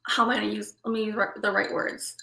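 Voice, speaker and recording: Bright, excitable woman reading tarot. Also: medium pitch, fast talker, vocal fry, roomy sound, poor audio. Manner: excitable and rambling, with frequent "okay?" and "right?" check-ins. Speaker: tarot reader and livestream host. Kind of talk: live collective tarot reading.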